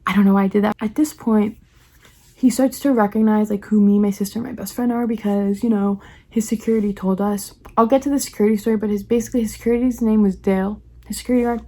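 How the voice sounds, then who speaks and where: A young woman from the New York area, chatty and excited, telling a personal story on her vlog and acting out the quoted lines. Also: mid-range voice. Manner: rapid, chatty, heavy use of "like", acts out quoted lines. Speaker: vlogger.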